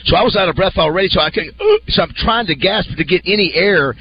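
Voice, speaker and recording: A man's voice: high voice, quick pace, dull audio, slight background noise. A man hosting a morning radio show, telling a story in casual banter and laughing often.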